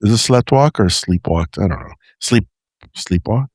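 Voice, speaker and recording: A man's voice: fairly low pitch, expressive, normal speed, a little mellow, no room sound, clean studio sound. A man co-hosting a podcast in casual, rambling chat, often restarting and joking. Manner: rambling, self-correcting, jokey. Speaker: podcast co-host.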